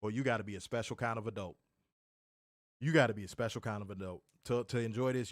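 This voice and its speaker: A man co-hosting a podcast in casual talk, venting with exasperation and plenty of swearing, hammering his points home by saying them again and again. His voice sits at an ordinary middle pitch, recorded dry and close with no room sound. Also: fairly quick, pauses often, no room sound. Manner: exasperated, ranting, profane, repeats himself for emphasis. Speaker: wrestling review podcast co-host. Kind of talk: casual chat.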